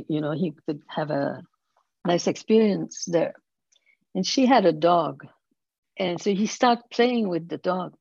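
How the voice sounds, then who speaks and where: A woman in her eighties, an interview guest telling stories slowly and thoughtfully, laughing softly now and then. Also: lowish voice, vocal fry, dry recording, lo-fi sound. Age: 80s. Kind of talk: storytelling in conversation.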